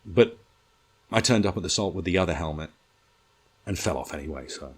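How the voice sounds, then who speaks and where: A man with a fairly low voice tells rambling comic anecdotes in a relaxed conversational way. His delivery is animated and salty, full of swearing and punchlines. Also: brisk, breathy edge. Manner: animated, profane, comic storytelling. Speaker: guest storyteller. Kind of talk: casual anecdote telling.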